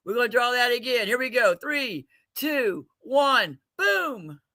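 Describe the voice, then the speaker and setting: A man's voice: very high voice, expressive, takes it slowly, sharp tone. A man hosting a casual livestream giveaway, joking loosely, laughing often and calling out to viewers by name. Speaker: livestream host running a giveaway.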